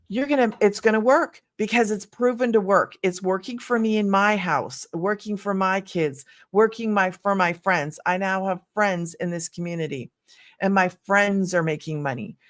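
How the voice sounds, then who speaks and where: A woman's voice: mid-range voice, dry recording. Earnest middle-aged woman, dry close sound. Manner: earnest, rambling, emphatic. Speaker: online business vlogger. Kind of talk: casual testimonial talk to camera.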